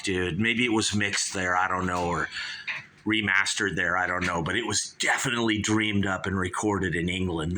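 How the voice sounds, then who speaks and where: A man with a fairly low but bright, forceful voice hosts his own show and gushes through an album review. He rambles and swears, and he keeps coming back to "you guys" and "dude". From California. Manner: excitable, profane, repeats "you guys" and "dude".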